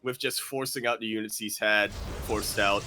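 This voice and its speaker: A man casting a live strategy game tournament, chatty and laughing easily, with quick excited bursts. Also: fairly low pitch, noisy background. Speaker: esports caster.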